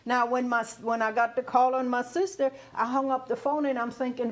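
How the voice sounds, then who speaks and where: Lively woman in her fifties, second-language English. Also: on the high side, fairly quick, few pauses. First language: not English. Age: 50s. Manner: animated, laughs often, keeps asking if you hear her. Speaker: guest speaker on grief. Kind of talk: conversational teaching talk.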